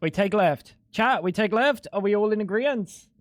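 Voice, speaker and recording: A young man chatting casually on a live stream, animated, swearing and laughing a lot. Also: sits high, moderate pace, no echo, studio quality.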